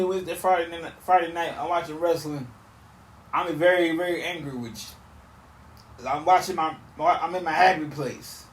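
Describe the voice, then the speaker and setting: A man in his thirties hosting a podcast, ranting casually in an animated, repetitive, emphatic way on a back porch outdoors. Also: fairly high pitch, slight background noise. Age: 30s. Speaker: podcast host. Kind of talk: casual solo rant. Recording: roomy sound from off mic.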